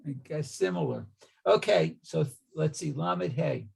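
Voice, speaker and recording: Slow, gravelly man in his sixties. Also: on the high side, expressive, darkish tone. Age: 60s. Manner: slow, halting reading with frequent okays. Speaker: student. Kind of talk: reading and discussing a text with a teacher.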